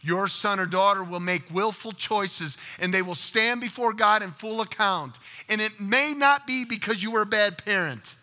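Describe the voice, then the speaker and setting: A male pastor preaching a sermon, telling stories and acting out the voices in them, swinging from loud to hushed. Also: high-pitched, normal speed, hardly any pauses, long reverb tail. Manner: storytelling, acts out voices with big swings in loudness.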